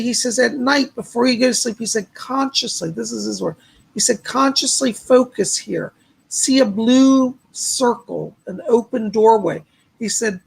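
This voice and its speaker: A man's voice: sits high, gravelly, a bit bright, husky, rough recording. A man hosting a live stream as a psychic medium, relaying spirit messages with constant repeated "he said" and "she said" and thanking viewers by name.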